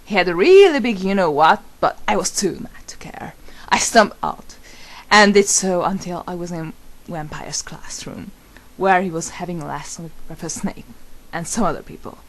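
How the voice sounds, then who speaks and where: A woman's voice: lowish voice, animated, normal speed, few pauses, rough recording. A woman reading a story aloud as a mock-serious dramatic reading, with exaggerated, melodramatic delivery. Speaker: reader.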